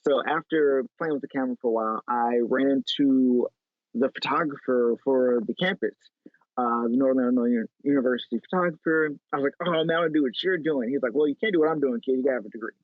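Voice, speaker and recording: A man from Chicago telling stories as an interview guest, animated and chatty with lots of "like". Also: mid-range voice, fast talker, no room sound. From Chicago, USA. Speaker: guest photo editor. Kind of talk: casual interview storytelling. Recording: tinny phone-like line.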